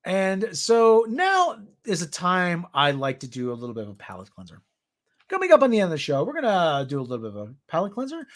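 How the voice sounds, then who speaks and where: A man hosts a casual news roundup. His voice sits high and swings widely in pitch. He rambles and tosses in jokey asides. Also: wildly swooping pitch, brisk. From New York area. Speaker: show host.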